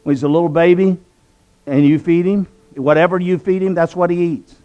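A man's voice: high-pitched, fairly even intonation, brisk, highs cut off. A man from southwestern Virginia, telling his conversion story in an earnest, preacherly way and repeating phrases for emphasis. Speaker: guest telling his testimony. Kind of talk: preacherly testimony.

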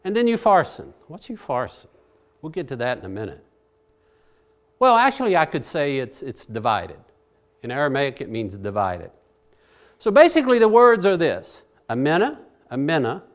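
A male preacher gives a lively, conversational Bible sermon. His slightly high voice rises and falls a great deal, jumping from loud emphasis to quiet asides. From Virginia. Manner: animated, chatty, swings between loud and quiet.

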